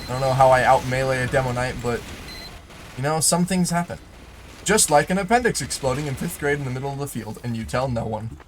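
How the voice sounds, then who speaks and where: There's a little hiss or hum behind this mid-range male voice, which moves a little fast. A young gaming YouTuber, he narrates a wandering personal story during live gameplay, stuffed with fillers, false starts, and sudden reactions to the game.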